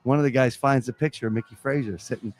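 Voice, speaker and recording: A man who coaches college basketball, telling lively stories in a live podcast interview at a pizza restaurant. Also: medium pitch, fast talker. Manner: animated storyteller acting out quotes.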